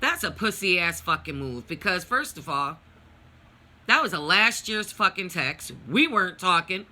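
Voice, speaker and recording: Woman, middle-aged, very bright sharp tone, blunt profane venting, personal vlog rant. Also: lowish voice, lively intonation, moderate pace. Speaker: vlogger.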